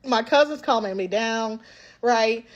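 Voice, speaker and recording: A young adult woman telling a personal story in a casual vlog, animated and chatty, acting out quotes and often asking "right?". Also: fairly high pitch, measured pace, highs cut off.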